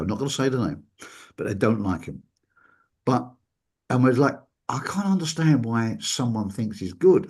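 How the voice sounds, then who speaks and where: Husky-voiced male host, animated storyteller who acts out quotes. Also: medium pitch. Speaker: talk show host. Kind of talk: casual chat.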